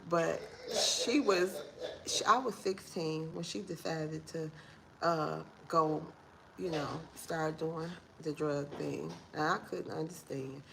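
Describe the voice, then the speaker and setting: A woman in her forties talks to her viewers from home in a casual morning vlog. Her voice is gravelly with fry and sits on the low side, her manner earnest and a bit preachy. Faint room noise hums behind her. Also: fairly even intonation, takes it slowly, sharp tone, low-quality recording. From Detroit, USA. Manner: heartfelt, preachy, talks straight to viewers as y'all. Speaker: vlogger.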